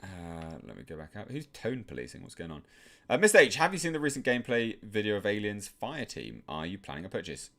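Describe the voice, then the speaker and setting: An Englishman hosting a live stream reads questions from the chat and answers them in a measured, soft-spoken manner full of fillers. His voice is lowish and sing-song.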